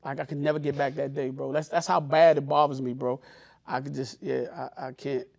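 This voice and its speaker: A man's voice: medium pitch, flat delivery, fairly quick, vocal fry, darkish tone, no echo, studio quality. A man co-hosting a podcast, telling loose stories in casual chat and acting out the voices of the people in them. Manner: loose storytelling, acts out quoted voices. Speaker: podcast co-host.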